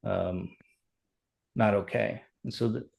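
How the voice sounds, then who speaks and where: A man's voice: fairly low pitch, slow pace, vocal fry. Earnest man telling a story. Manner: animated, earnest, reenacts dialogue. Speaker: fire chief, podcast guest. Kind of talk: conversational storytelling.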